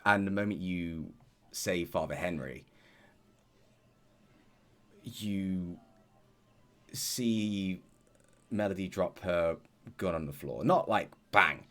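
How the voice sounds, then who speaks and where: A man with a very low voice runs a tabletop game as dungeon master. He narrates scenes slowly and deliberately, with plenty of ums and uhs. His pace is unhurried throughout. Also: a bit bright. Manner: measured narration with frequent fillers.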